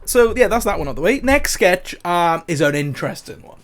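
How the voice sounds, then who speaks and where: A man with a slightly high voice co-hosts a laid-back movie podcast. He laughs often and retells scenes with animated acted-out quotes. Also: brisk. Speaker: podcast co-host. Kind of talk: casual film review chat.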